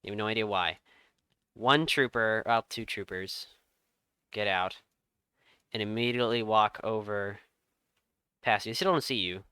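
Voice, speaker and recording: Man, game master, tabletop storytelling, bright tone, smooth and crisp, dry close sound. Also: lowish voice, dry recording. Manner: lively storytelling with dramatic pauses.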